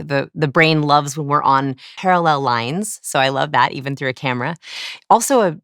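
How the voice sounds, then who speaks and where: A woman's voice: low-pitched, dry recording, clean studio sound. A woman in her thirties, a guest expert, explaining eagerly in an interview and acting out examples. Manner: animated, explanatory, acts out examples. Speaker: guest, body language expert.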